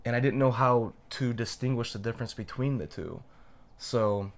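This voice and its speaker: Telling a personal story on the podcast he co-hosts, a young adult man comes across as earnest and reflective. His pitch is medium, and he takes things slower when stressing key points.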